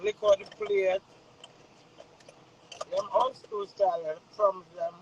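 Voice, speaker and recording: A woman hosting a live stream, relaxed, playful and chatty. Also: mid-range voice, slow pace, highs cut off, noisy background. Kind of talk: casual live stream chat.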